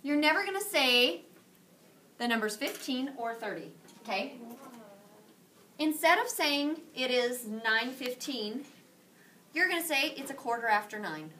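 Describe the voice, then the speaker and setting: A playful woman teacher leads her class with a high, bright voice that keeps the lesson lively. She is recorded from a distant camera across the classroom, with a faint hiss underneath. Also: a little slow, long pauses. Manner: playful, animated teacher quizzing students. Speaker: Spanish teacher.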